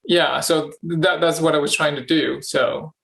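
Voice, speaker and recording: A man's voice: fairly high pitch, fairly even intonation, unhurried, gravelly, fairly bright tone, rough recording. A man in casual conversation who speaks hesitantly, repeating himself with many restarts and fillers. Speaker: channeling practice partner asking questions.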